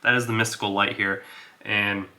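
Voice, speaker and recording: A man's voice: fairly low pitch, level tone, moderate pace, pushed and bright. A man casually narrating his solo tabletop role-playing game, thinking aloud with filler words and small chuckles.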